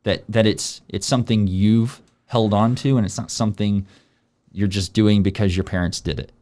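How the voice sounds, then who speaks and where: A man in his thirties hosting a casual conversation, relaxed and rambling with many ums. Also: fairly low pitch, normal speed. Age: 30s. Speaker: podcast host. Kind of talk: casual faith chat.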